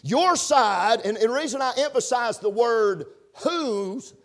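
A man preaching a sermon, punctuating his points with amens and building to shouted emphasis. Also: very high voice, animated, a little slow. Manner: preaching with call-and-response amens, rising to shouts. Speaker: pastor.

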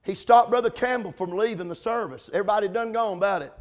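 High-voiced impassioned male preacher. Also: animated, fairly quick, hardly any pauses. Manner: impassioned, building to shouted climaxes; repetitive, with restarts and asides to congregants by name. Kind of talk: sermon.

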